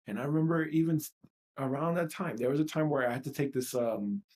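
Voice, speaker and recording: A man's voice: on the high side, quick pace, a little mellow. A man in his thirties from New York, coaching an EFT tapping session with a raw, profane, emotionally charged monologue that repeats phrases for emphasis. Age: 30s.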